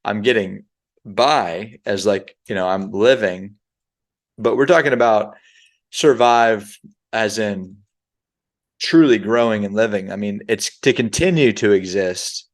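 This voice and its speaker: Male sales team leader, lowish voice, conversational motivational talk that pauses to define terms. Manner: conversational, defines words aloud, shifts pace often.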